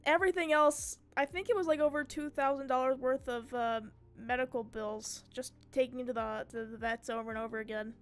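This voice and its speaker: A young woman streamer telling a story in casual chat, animated and swearing freely. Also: high-pitched, a little fast, few pauses, faint music behind. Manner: chatty and animated, swears freely, mimics her cat's screams.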